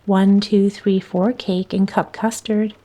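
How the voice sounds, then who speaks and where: A shy, meek young girl who answers slowly and with quiet pride, as a woman reader puts her on. The voice is mellow, soft and unhurried. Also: medium pitch, little pitch movement. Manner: slow, meek, quietly proud.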